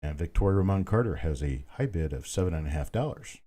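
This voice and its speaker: A man's voice: low voice, expressive, fast talker, warm tone. A man hosting a live online coin auction, chatting casually, calling out bids and greeting bidders by name. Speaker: auction host.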